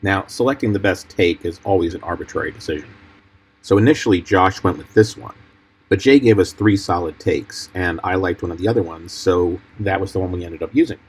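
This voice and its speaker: A film editor walks through his cuts in a measured, explanatory tone. His voice is very deep and husky. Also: poor audio. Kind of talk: commentary over film clips.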